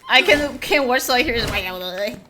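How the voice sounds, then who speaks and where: A woman streamer with a slightly high voice, joking, swearing and riffing with her co-host while she plays. Clear background noise sits under her stream mic. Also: lively intonation, slow pace. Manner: jokey, swears, riffs on her co-host's bits. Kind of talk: casual co-streaming chat over gameplay.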